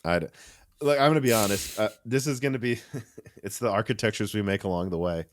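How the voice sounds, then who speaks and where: A man hosting a casual tech podcast, talking in an animated, rambling way with restarts and asides. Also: on the low side, a little fast, a little hiss or hum. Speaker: podcast host.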